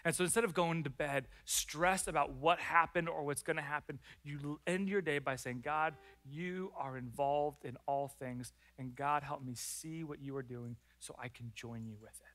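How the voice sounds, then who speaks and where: A man preaching a sermon to his church congregation. His voice sits a little high and sounds bright and forceful. He is animated, acting out prayers and everyday complaints in lively voices. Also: normal speed, hardly any pauses. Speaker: pastor.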